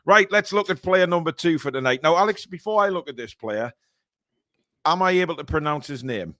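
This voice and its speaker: Man, slightly high voice, podcast host, jokey, stumbling restarts, dry close mic. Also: animated, a little fast, fairly bright tone, no echo. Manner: jokey, hesitant, repeats words. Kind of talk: casual football podcast chat.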